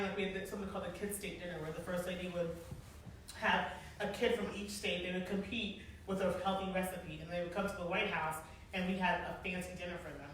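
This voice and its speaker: A woman in her forties telling stories to an audience in a casual, animated way, laughing often and using many fillers. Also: fairly low pitch. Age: 40s. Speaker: guest speaker, former event planner. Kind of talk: casual storytelling talk to an audience. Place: large echoey hall. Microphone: far from the mic. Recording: echoey hall, distant mic, faint noise.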